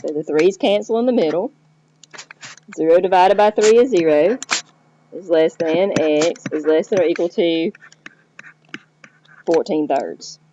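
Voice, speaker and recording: A woman's voice: on the low side, a little slow, long pauses, mellow, slight background noise. A woman teacher explaining math step by step, checking in with the listener as she goes. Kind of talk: recorded math lesson. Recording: dull lo-fi recording.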